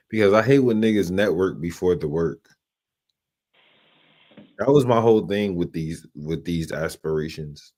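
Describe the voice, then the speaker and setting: A man's voice: low voice, darkish tone. A man hosting a late-night streaming show, chatting casually in slangy, laid-back talk. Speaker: show host. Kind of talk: casual chat.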